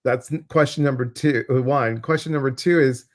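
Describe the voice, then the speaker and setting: A man's voice: mid-range voice, moderate pace. Chatty male livestream coach. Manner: warm, chatty, addresses viewers directly. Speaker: intuitive coach and stream host. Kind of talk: livestream chat reading viewer comments.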